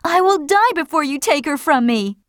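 A man voicing a defiant young mother in an audiobook, pleading in a high, strained voice. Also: lively intonation, moderate pace, a bit bright, dry recording. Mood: desperate pleading. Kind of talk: audiobook narration with character voices.

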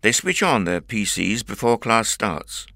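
A man narrating a storybook reading at a measured, clear pace. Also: on the low side, sing-song, sharp tone, dry recording, clean studio sound.

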